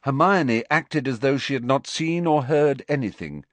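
A man narrating an audiobook with expressive, varied storytelling. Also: medium pitch, moderate pace, few pauses, no room sound. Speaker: audiobook reader.

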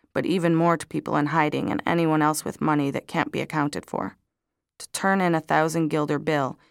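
Woman reading diary entries out loud, steady and measured, dry close sound. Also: low voice, creaky, no echo. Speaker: audiobook narrator. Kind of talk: scripted narration of diary entries.

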